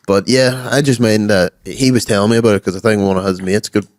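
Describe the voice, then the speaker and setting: A young Irish man co-hosting a casual podcast chat, reacting quickly in a laid-back way with lots of slang. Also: lowish voice, fairly even intonation, dry recording. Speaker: podcast co-host.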